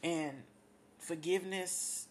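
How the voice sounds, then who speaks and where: A woman's voice: fairly low pitch, extremely slow, a little mellow, slight background noise. A woman hosting a radio show, sharing an emotional religious testimony with heartfelt praise and repeated thanks to God. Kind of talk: emotional personal testimony on air.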